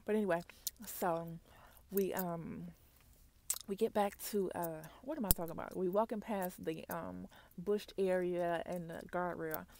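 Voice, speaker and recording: Gravelly woman, ASMR gum-chewing storytime. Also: on the low side, a little slow, slight background noise. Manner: chatty, animated storytelling, addresses viewers as y'all. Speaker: ASMR vlogger. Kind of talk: whispered role-play storytime while chewing gum.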